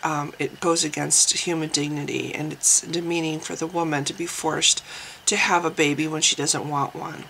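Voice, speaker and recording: A woman vlogger talks through her thoughts in a relaxed, unscripted way, pausing and restarting often. Her voice has a bright, sharp edge with a gravelly fry. A faint hiss of noise sits behind her. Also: sits low, poor audio. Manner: hesitant, thinking aloud with many restarts and ums. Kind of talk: casual spoken commentary.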